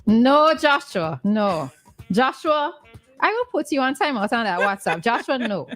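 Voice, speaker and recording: A woman hosting a morning radio talk show, chatty and quick to laugh. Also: a little high, very animated, fairly bright tone, soft background music. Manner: chatty, laughs often, answers with mm-hmm. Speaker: radio host.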